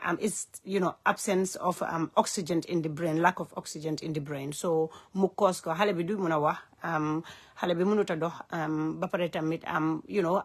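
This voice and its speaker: A woman speaking unscripted on a live stream from her phone. She is earnest and heartfelt, and she talks haltingly with many "um" fillers as she switches between languages. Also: medium pitch, slightly rough. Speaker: live-stream host and advocate.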